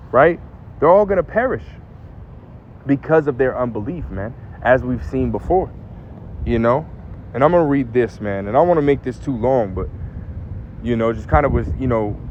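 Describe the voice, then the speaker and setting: A man's voice: on the high side, muffled recording, a little hiss or hum. A man giving informal religious commentary as a preacher, tagging nearly every phrase with "right?" or "man" and repeating words when he presses a point. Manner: casual, keeps adding "right?" and "man".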